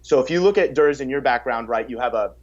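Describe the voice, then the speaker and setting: An energetic man talks about fitness coaching in a relaxed podcast chat, his voice at an ordinary middle pitch. He often repeats a word before getting a sentence going. The audio is a little dull and muffled. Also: quick pace. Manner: energetic, repeats words when starting sentences; acts out quotes in a raised voice. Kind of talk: casual podcast conversation.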